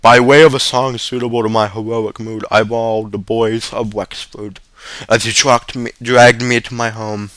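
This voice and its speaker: A man narrating a short story at a middling pitch, steady and even, now and then tripping over a word. The recording is dry and close, with no room sound. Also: moderate pace, few pauses, no room sound. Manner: steady, with occasional stumbles. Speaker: story reader. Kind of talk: reading a short story aloud.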